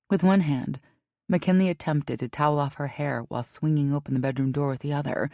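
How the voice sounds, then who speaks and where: A woman narrating an audiobook in a measured, even way. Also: low voice, dry recording, clean studio sound.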